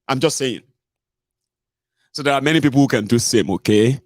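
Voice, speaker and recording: A man's voice: mid-range voice, a little fast, darkish tone, no echo, studio quality. A Nigerian man hosting a casual livestream, chatty, mixing in pidgin and frequent "eh" and "omo". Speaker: host.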